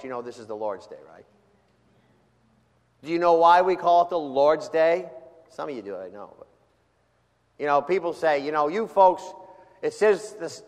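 A man preaching a sermon as pastor, talking conversationally with frequent restarts and rising to emphatic, louder quotes of scripture. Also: mid-range voice. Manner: frequent restarts and repeated words. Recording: long hall reverb.

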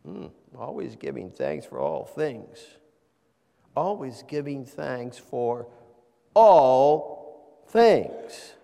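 Preaching man in a reverberant hall. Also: vocal fry. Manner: dynamic preaching, swings from loud emphatic to soft and low; repeats and stresses key words slowly. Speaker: pastor. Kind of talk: sermon.

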